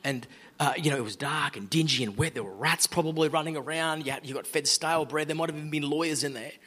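A middle-aged Australian who owns a law firm speaks as a guest, giving an earnest, conversational sermon-style talk. His voice is fairly high and bright, and he talks fast.

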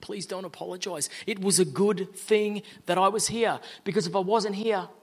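A man voicing a humble, ever positive loyal friend in a parable, speaking soft and low. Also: moderate pace, husky. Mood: gentle.

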